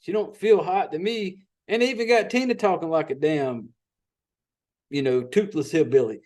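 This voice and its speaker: High-voiced Southern man recapping a movie. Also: normal speed, a little mellow. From Southern United States. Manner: profane, rambling storyteller. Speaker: podcast host.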